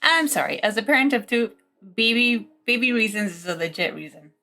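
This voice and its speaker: A woman's voice: fairly high pitch, animated, brisk, vocal fry, bright, forceful tone. Giggly woman streamer chatting. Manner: giggly, storytelling. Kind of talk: casual chat.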